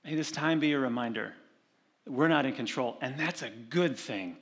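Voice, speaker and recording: A male pastor giving a sermon, talking conversationally and slowing down to read scripture. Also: medium pitch. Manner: conversational preaching with animated retold stories; slows and softens for scripture reading.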